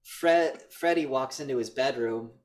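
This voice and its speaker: A man's voice: medium pitch, unhurried. A man co-hosting a podcast, casually recapping a film's plot with lots of swearing and acted-out lines. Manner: animated retelling with acted-out quotes, frequent swearing. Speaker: podcast co-host. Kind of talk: casual movie review chat.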